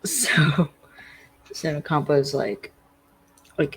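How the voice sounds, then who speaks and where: A podcast co-host casually recaps a TV episode and rambles through the plot with constant fillers. The voice sits at a mid pitch. Faint noise hums in the background. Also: level tone, a little slow, rough recording. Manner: rambling retelling full of "like" fillers.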